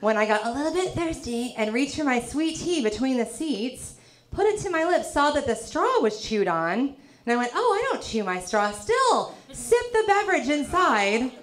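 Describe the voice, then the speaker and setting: A woman from the South, performing a stand-up comedy set with a dry, teasing delivery and quick punchlines. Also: sits high, sing-song. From American South. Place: comedy club stage. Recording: live club with loud crowd laughter. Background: audience laughter.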